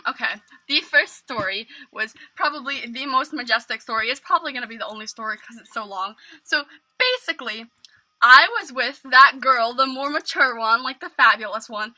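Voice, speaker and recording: A young woman from New York state tells a casual storytime to camera, rambling with lots of fillers. Her voice sits high and sounds very bright and sharp. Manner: rambling, heavy "like" fillers, mock-dramatic. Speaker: vlogger.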